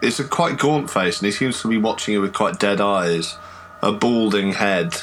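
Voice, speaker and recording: Bright-voiced man narrating a tabletop game. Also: lowish voice, moderate pace, soft background music, low-quality recording. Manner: hesitant, full of fillers and restarts. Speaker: game master.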